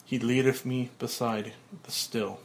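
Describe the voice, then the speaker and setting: A man voicing a solemn mourner reciting at a graveside in a low, hushed voice. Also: little pitch movement, a little slow, a little hiss or hum, close to an everyday voice.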